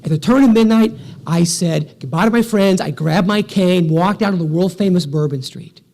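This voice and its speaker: A man's voice: high voice, moderate pace, vocal fry, darkish tone. A man in his forties giving a motivational keynote speech, telling stories with energy and a punchy rhythm. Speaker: keynote speaker.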